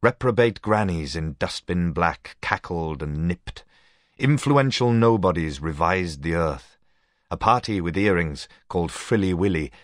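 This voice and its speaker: Deep-voiced Welsh man reading a story. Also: no room sound, clean studio sound. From Wales. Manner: rhythmic, measured storytelling delivery. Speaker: reader. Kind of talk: literary short story reading.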